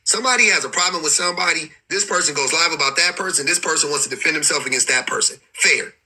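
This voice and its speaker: Husky high-voiced man ranting on a livestream. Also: fast, bright, forceful tone, low-quality recording. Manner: rambling, profane, exasperated, many restarts. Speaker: livestream host. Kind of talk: casual livestream commentary.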